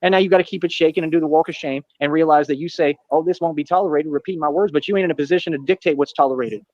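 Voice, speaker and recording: A man's voice: a little high, a little mellow, no echo, muffled recording. A man talking in a boastful, defiant monologue, full of street slang. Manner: boastful, defiant, rapid slang-filled talk. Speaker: streamer in a played clip.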